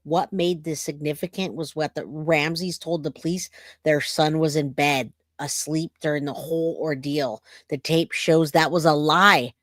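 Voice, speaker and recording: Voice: medium pitch, steady tone, measured pace, a bit bright, no room sound. A chatty true crime host gives casual commentary straight to the viewers. The voice sits in the middle range and is recorded dry and close with no room sound. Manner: chatty, addresses viewers as "you guys". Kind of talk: casual commentary reacting to archive audio.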